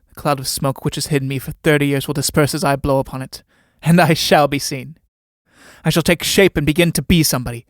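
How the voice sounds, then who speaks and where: A man's voice: medium pitch, no echo, clean studio sound, close to an everyday voice. A man voicing an ambitious male playwright in a read-aloud play, speaking in a boastful, grandiose way.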